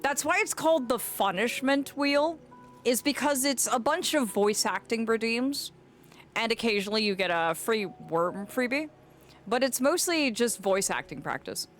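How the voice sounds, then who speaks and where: A woman's voice: on the high side, expressive, normal speed, faint music behind. A woman streaming a game, chatting casually and rambling to her viewers with endearments. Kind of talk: casual live-stream chat.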